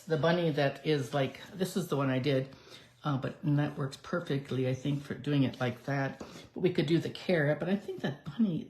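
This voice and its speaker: A woman's voice: low voice, a little mellow. A woman doing a live card-making demonstration, chatting through each step as she works. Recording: echoey room.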